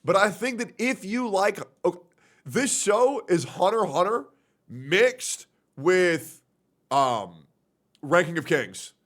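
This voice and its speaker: Young male streamer, brash and rambling, a bit high-pitched. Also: expressive, takes it slowly, a bit bright. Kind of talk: casual stream chat.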